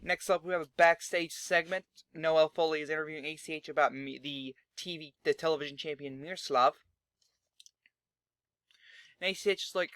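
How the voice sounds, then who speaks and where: A young man narrates his game session in loose, rambling chat, cursing casually as he goes. His voice sits a touch high. The sound is close and completely dry. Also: steady tone, fairly quick, a bit bright, clean tone, dry recording. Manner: rambling, chatty, swears freely. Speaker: gaming channel host. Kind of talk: casual let's-play commentary.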